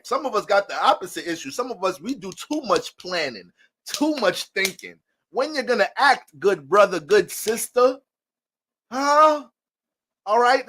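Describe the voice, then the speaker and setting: A man's voice: high-pitched, a bit bright. A man giving a casual astrology talk that drifts into joking, profane storytelling, speaking loosely to his viewers as family. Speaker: astrology reader.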